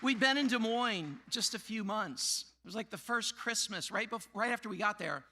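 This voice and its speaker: A middle-aged man preaches a sermon at a normal pace, his voice animated, with slight background noise and a faint crowd audible. He tells a personal story, acting out the voices of the people in it and dropping low and quiet during the sad parts.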